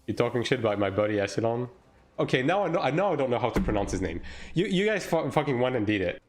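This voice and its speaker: A man's voice: medium pitch, big pitch swings, fast. A man streaming a game live, talking casually and swearing as he chats with viewers. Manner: casual, profane, talks to chat while playing. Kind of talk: live-stream gaming commentary.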